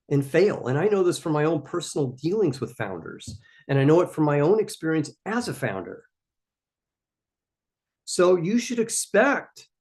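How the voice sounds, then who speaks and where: A man's voice: on the high side, a little mellow. A man hosting a live question-and-answer stream for startup founders, giving emphatic, coaching answers and repeating his key points.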